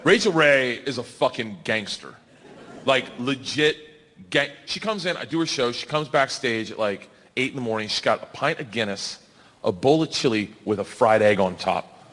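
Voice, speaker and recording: A man in his forties telling a profane, animated stand-up story on a comedy stage into a handheld mic. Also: mid-range voice, normal speed. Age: 40s. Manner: rowdy, profane, animated acting-out. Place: comedy stage before a live crowd. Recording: live club recording with noise.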